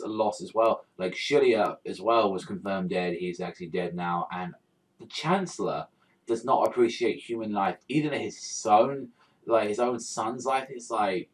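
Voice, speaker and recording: A low-voiced man ranting about a manga chapter, full of curses, fillers and sudden shouted outbursts. He sits a little back from the microphone, so the voice sounds somewhat distant. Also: normal speed. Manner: swears constantly, rambling with many fillers, bursts into shouting. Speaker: manga reaction vlogger. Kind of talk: excited reaction rant.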